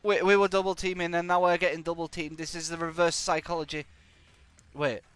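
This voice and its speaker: A man's voice: a little high, fairly quick, smooth, no room sound. A man giving jokey, sarcastic live commentary while he plays a game. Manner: jokey, sarcastic, animated, bursts of exclamations. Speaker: live-streaming gamer. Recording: faint music in the background.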